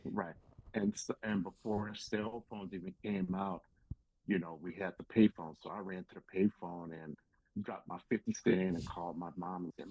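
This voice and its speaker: A pro wrestler appears as a podcast guest, speaking in a low, brisk, slightly rough voice with no echo. In this casual storytelling interview he animatedly acts out what people said and swears casually, and the lo-fi podcast audio sounds slightly dull.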